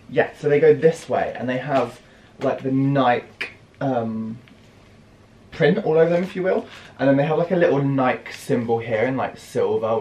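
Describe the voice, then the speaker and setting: A man's voice: medium pitch, a little mellow, a little hiss or hum. Young British man, fashion vlogger, gushy and theatrical, echoey room with faint ambience behind. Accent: British English. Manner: gushing, theatrical gasps and squeals. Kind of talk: casual haul video chat.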